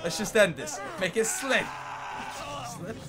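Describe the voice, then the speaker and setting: A young man giving excitable gameplay commentary, yelling at enemies and laughing as he plays. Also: high-pitched, slow pace, noisy background. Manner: excitable, swears mildly, often laughs and yells at enemies. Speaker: gaming YouTuber.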